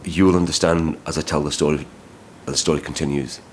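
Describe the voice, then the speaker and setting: A man's voice: a bass voice, steady tone, brisk, a little hiss or hum. A man vlogging about his travels, talking in a rambling, heated way with plenty of swearing and restarts. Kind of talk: vlog storytelling.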